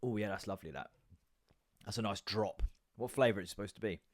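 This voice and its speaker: A man's voice: on the low side, fast, no room sound, studio quality. A man, hosting a podcast in casual, jokey chat full of swearing and rambling asides. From United Kingdom. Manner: comedic, stand-up performer. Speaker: podcast host.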